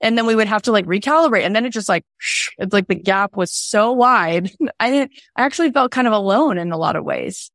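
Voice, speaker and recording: A woman's voice: mid-range voice, a little fast, a bit bright, no room sound, studio quality. A woman hosting a candid podcast conversation, telling stories animatedly, laughing and acting out quotes. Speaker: podcast host.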